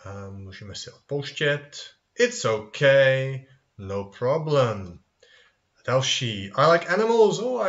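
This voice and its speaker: A man teaching a children's English review lesson, modelling phrases and answering his own questions in a sing-song, animated way. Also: mid-range voice. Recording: dull lo-fi recording.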